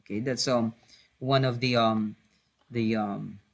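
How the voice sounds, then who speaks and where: A man's voice: mid-range voice, fairly even intonation, unhurried, gravelly. A man teaching a math lesson, hesitating with many fillers, correcting himself and patiently repeating key points.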